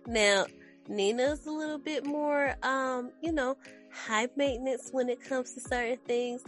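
A woman's voice: high-pitched, unhurried, faint music behind. A woman co-hosting a podcast in casual chat, playful and teasing, laughing often. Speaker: podcast co-host.

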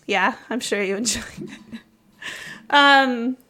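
A young woman with a bright, high-leaning voice recapping a film with a friend in loose, giggly podcast chat. She rattles along quickly, excited and breaking into laughter between points. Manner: fast, excitable, laughs often. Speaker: podcast host.

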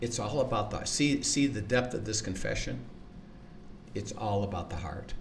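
A man's voice: fairly low pitch, expressive, normal speed, vocal fry, far from the mic, a little hiss or hum. A man teaching the Bible in conversation, earnest, acting out quoted lines and often repeating words.

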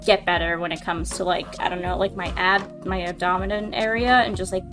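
A woman's voice: lowish voice, steady tone, normal speed, music in the background. Chatty woman full of "like" fillers. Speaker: podcast co-host. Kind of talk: casual chat.

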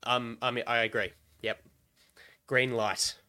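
A man's voice: mid-range voice, flat delivery, unhurried, pushed and bright, dry recording. An Australian man co-hosting a sports podcast, laid-back and brief. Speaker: podcast host. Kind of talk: casual podcast chat.

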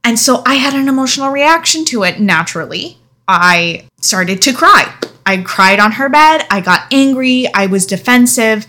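A woman's voice: fairly high pitch, lively intonation, moderate pace, sharp tone. A young adult woman telling a personal story in a candid, emotional vlog, speaking frankly and sometimes swearing. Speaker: vlogger.

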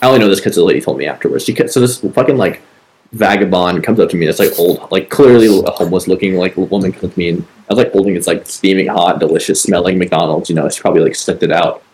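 A man's voice: sits low, quick pace, a little mellow, poor audio. A man co-hosting a podcast, telling a story in a casual, rambling way, full of swearing and filler words. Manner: rambling, profane, heavy on fillers. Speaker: podcast co-host.

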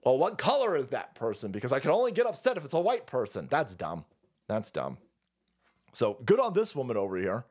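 A man rants through a profane political commentary stream, his pitch rising and falling with lots of movement. He keeps up a heated, foul-mouthed delivery. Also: huge pitch swings, fast talker, hardly any pauses, darkish tone, slightly rough. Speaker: livestream host.

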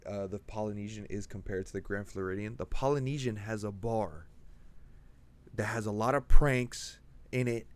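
A young man co-hosting a podcast, telling anecdotes with lively acted-out bits. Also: fairly low pitch, normal speed. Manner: animated storyteller, acts out people in anecdotes. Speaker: podcast co-host. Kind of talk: casual chat.

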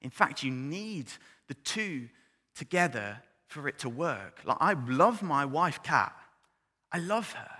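A man's voice: fairly high pitch, big pitch swings, unhurried. Impassioned male preacher in a reverberant hall. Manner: swings from loud impassioned build-ups to hushed, near-whispered scripture reading. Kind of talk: sermon. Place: church hall.

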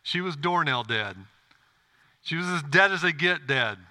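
A man's voice: on the high side, animated, unhurried, sharp tone. A man pastor preaching a sermon in a church, earnest and direct, often asking the congregation questions.

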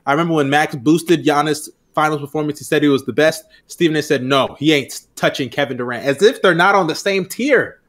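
Man with a slightly raised pitch, blunt and opinionated, leading the sports chat. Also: fairly quick, hardly any pauses, a bit bright. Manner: blunt, opinionated, steers the talk. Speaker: podcast co-host. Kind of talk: casual sports banter.

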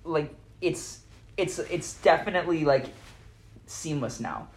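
A woman's voice: low-pitched, measured pace, darkish tone. A woman hosting a podcast, chatting casually with lots of fillers and restarts. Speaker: podcast host. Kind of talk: casual chat.

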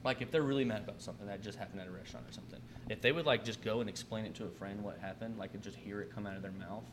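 A man's voice: fairly low pitch, racing, noisy background. A man, hosting a podcast and telling restaurant stories in a laid-back, profane, casual way, acting out his customers. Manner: laid-back, swears freely, acts out customers' lines. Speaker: podcast host, restaurant manager. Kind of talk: casual storytelling chat.

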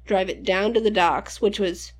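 A woman's voice: mid-range voice, steady tone, moderate pace. A woman in her twenties telling rambling, profane childhood stories in casual podcast chat. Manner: rambling, profane, laughing storyteller. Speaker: podcast co-host.

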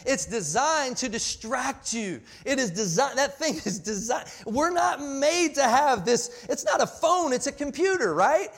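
A man in his forties preaching a sermon, passionate and full of restarts, swinging between loud emphasis and quiet asides. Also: extremely high pitch, animated, unhurried, creaky, hardly any pauses. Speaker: pastor.

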